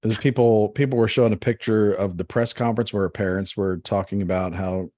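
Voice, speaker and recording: Low-voiced rambling podcast man. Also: fairly even intonation, a little fast, darkish tone, no room sound. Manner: rambling, heavy with "like" fillers. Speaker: podcast co-host. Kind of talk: casual podcast chat.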